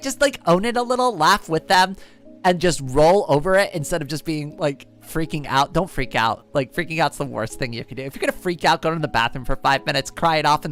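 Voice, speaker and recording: A woman's voice: medium pitch, fairly bright tone. A woman live streamer in casual chat, handing out friendly advice in a chatty, playful way, often laughing and tagging lines with "right?". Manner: chatty, peppers speech with "like" and "right?".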